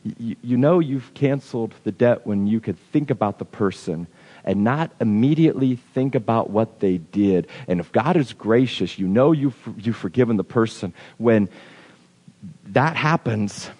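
A man's voice: medium pitch, lively intonation, normal speed, darkish tone, big-room sound. A man preaching a sermon in a conversational way, acting out the objections of his listeners. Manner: conversational, acts out imagined objections.

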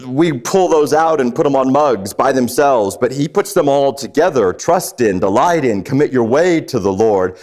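Halting male preacher. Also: mid-range voice, lively intonation, a little mellow. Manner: halting, repeats words, asks listeners questions. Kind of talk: sermon on a psalm.

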